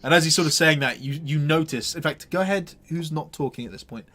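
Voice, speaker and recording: Rambling game master. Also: male voice, on the high side, quick pace. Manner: rambling, full of fillers and restarts, relaxed. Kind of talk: narrating a tabletop game.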